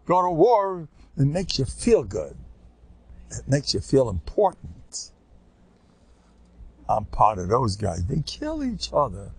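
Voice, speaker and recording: An older rabbi lectures in a gravelly voice that leaps from near-whispers to loud, high exclamations. His pitch swings widely and his delivery is lively and informal, sprinkled with Yiddish and Hebrew words. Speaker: rabbi giving a Torah lecture.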